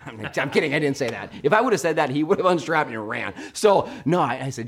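A middle-aged man preaching a sermon, telling a story with animated swings between hushed and loud delivery. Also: medium pitch, quick pace, gravelly. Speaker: pastor.

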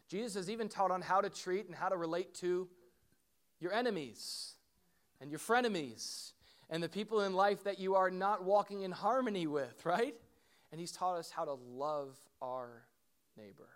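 A middle-aged man, a pastor, preaching a sermon in an animated way, with questions and asides to the congregation. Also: high voice, moderate pace.

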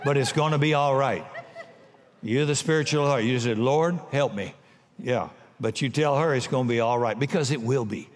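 A man preaching a sermon in a folksy, punchy way, often rising to shouts and telling jokes. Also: mid-range voice. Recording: long hall reverb.

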